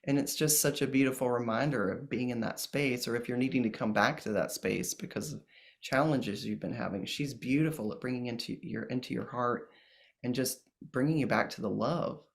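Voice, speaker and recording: A man speaking as a guest in a casual interview about ceremonies, gentle and earnest, with many pauses and restarts. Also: medium pitch, gravelly. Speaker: plant medicine ceremonialist guest.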